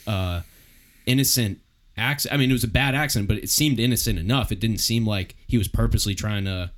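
A man's voice: lowish voice, a little fast. A young man hosting a casual podcast interview, asking long, roundabout questions. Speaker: podcast host.

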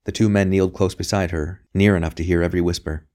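A man narrating a novel as an audiobook reader, in a steady, even delivery. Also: low voice, quick pace. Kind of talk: scripted narration.

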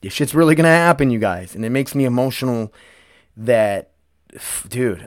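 Choked up and emotional, this American podcast host rambles through a casual solo monologue, swearing and addressing his audience as "you guys." He speaks at a moderate pace in an expressive, mid-range voice. The recording is dry and studio quality.

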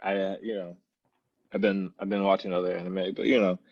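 A man's voice: sits low, level tone, fairly quick, dry recording. A man chatting casually as a podcast co-host, easygoing with fillers like "um" and "you know". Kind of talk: casual chat. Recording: dull lo-fi sound.

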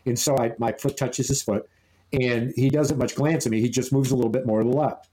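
A man's voice: mid-range voice, fairly even intonation, a little fast, dark tone, low-quality recording. A man co-hosting a podcast, telling an amused, rambling anecdote full of restarts. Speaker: podcast co-host. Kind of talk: casual storytelling chat.

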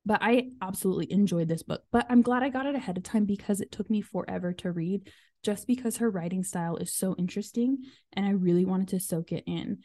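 A woman's voice: mid-range voice, quick pace, mellow, dry recording. A woman in her thirties hosting a podcast, chatting casually and filling her talk with "um" and "like". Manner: chatty, full of fillers and "like". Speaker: podcast host. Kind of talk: casual chat.

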